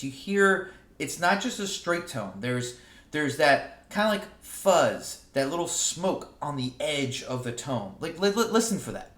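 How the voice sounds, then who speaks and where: A man teaching saxophone in a relaxed, casual way, often stumbling over and repeating his words. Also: on the high side. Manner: relaxed, explains with sung examples, repeats words. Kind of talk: casual music lesson. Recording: roomy echo.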